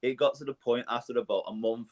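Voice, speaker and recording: A man's voice: medium pitch, fairly even intonation, fast, a little mellow. A man, a singer who used to work as a holiday camp entertainer, chatting casually and laughing as he tells stories. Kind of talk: casual chat.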